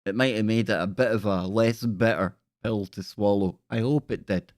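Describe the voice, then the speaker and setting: A man's voice: lowish voice, normal speed, no echo, clean studio sound. A man hosting a live stream, chatting casually with viewers in a scornful, rambling way.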